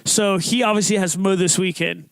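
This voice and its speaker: A young man hosting a podcast, telling a story in a casual, profane, animated way, acting out quotes. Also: high voice, moderate pace, vocal fry, no room sound. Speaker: podcast host.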